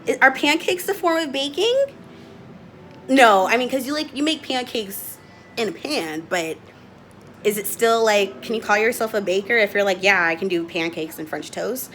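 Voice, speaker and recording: A young woman chats excitedly as she bakes in her home kitchen, laughing often. Her voice sits a little high. It swings widely up and down, and a faint hiss sits behind it. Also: moderate pace. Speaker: vlogger. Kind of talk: casual home baking vlog.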